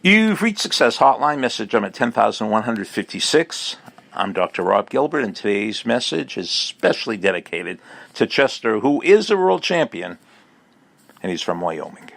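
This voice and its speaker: A man's voice: fairly low pitch, very animated, moderate pace, creaky, a bit bright. A man giving a recorded motivational message as a speaker and teacher, emphatic and repetitive like a coach.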